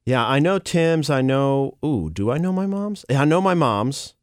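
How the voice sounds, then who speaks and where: A man's voice: mid-range voice, expressive, normal speed, dry recording, clean studio sound. A man hosting a morning radio show, joking with his co-host and callers, laughing often and stumbling over his wording. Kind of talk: casual morning radio banter. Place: radio studio. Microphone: studio microphone.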